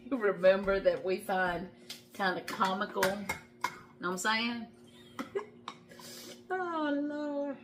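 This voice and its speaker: A middle-aged woman chats her way through a home cooking video, folksy and easygoing, speaking straight to her viewers and breaking into laughter often. Her voice sits at an ordinary middle pitch. Faint kitchen clatter of pots and dishes runs underneath. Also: background noise. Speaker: home cooking show host. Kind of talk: casual cooking vlog chat.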